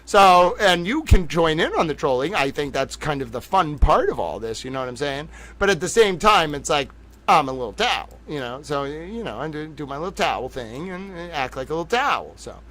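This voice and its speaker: A man's voice: fairly high pitch, very animated, brisk, fairly bright tone. A man hosting a live-streamed news show in a casual, playful, self-mocking way, giggling and talking to his chat. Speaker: livestream news host.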